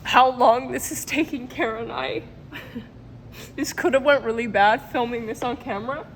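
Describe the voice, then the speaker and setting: A woman's voice: on the high side, normal speed, a little hiss or hum. A woman talking to camera in a casual vlog, emotional and rambling, often breaking into laughter. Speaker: vlogger and product maker.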